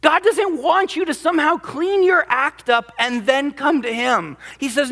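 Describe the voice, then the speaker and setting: A pastor preaches with dramatic emphasis and slips into the voices of the people he quotes. His voice sits very high for a man. The sound carries the long reverb of a large church hall. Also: measured pace, few pauses, a bit bright. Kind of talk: sermon. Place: church sanctuary.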